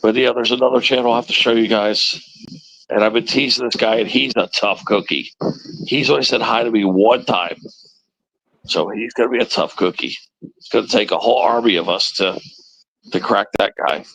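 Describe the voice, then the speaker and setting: A man's voice: fairly low pitch, brisk, vocal fry, a bit bright, slight background noise, poor audio. A man hosting a casual livestream chat, rambling and teasing with a chuckle. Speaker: livestream host.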